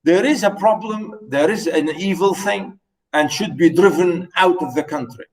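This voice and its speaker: A man's voice: sits high, normal speed, distant mic, poor audio. A man teaching a play, hesitant, with many fillers, repeating and rewording phrases as he explains. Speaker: literature teacher.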